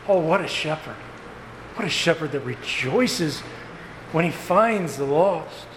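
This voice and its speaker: A man preaching a sermon as pastor, earnest and emphatic, with slow stressed phrases and repetition. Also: fairly high pitch, expressive, fairly bright tone. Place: church sanctuary. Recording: echoey hall with faint room noise.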